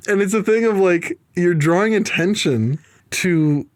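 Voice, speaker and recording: A man's voice: sits high, a little slow, no room sound. Casting: laid-back male podcast co-host, dry close sound, breaks into laughs. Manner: laid-back, retells movie scenes in quoted voices, laughs a lot. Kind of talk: casual film-review chat.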